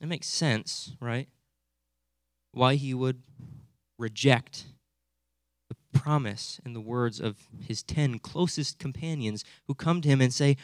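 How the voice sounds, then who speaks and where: A young man preaching with animated, conversational energy, regularly tossing quick asides to his listeners. His voice sits at an ordinary middle pitch, and the recording is close and dry, with no room echo. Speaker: pastor. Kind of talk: sermon.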